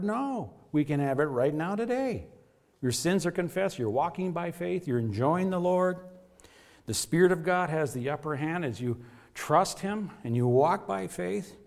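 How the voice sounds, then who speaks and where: This is a pastor's sermon to his flock, delivered earnestly and with emphasis. His voice rises and falls, ranging widely in pitch and loudness to stress key points.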